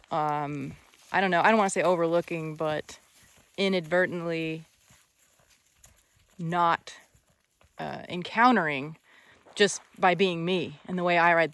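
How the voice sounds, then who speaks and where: A woman's voice: fairly low pitch, a bit bright, smooth, dry recording. A woman horse trainer talking casually through her vlog outdoors on a country ranch, chatty and encouraging, thinking aloud as she goes.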